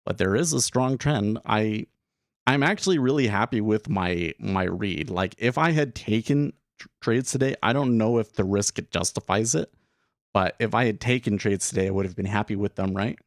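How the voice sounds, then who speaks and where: Rambling low-voiced man streaming trades. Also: moderate pace, no room sound, clean studio sound. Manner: rambling, thinking aloud with many restarts. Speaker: day trading streamer. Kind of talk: casual live-stream commentary.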